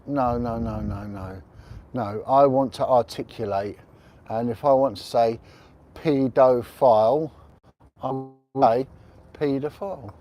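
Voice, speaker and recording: A man's voice: medium pitch, mellow. A middle-aged man hosting a casual livestream outdoors, talking in a chatty, rambling way with blunt opinions. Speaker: livestream host. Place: outdoors on a windy rooftop.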